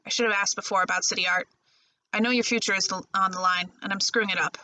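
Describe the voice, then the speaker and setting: A woman's voice: medium pitch, steady tone, fast talker, pushed and bright, slight background noise, close to an everyday voice. A woman voicing a grieving middle-aged father in a read-aloud novel, speaking his lines in a subdued, pleading way. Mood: remorseful.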